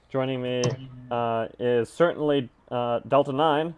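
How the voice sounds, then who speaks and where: A man's voice: medium pitch, fairly even intonation, a little slow, darkish tone, smooth. Upbeat male esports caster. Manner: upbeat, joking play-by-play. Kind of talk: game commentary.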